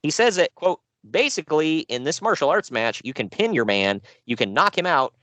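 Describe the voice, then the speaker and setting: A man recapping wrestling events on a podcast, sarcastic and quick to laugh. His pitch swings widely as he talks. The sound is dry and close, with no room around it. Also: no echo. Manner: sarcastic, animated, laughs often. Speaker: podcast co-host reviewing wrestling shows. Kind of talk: casual podcast chat.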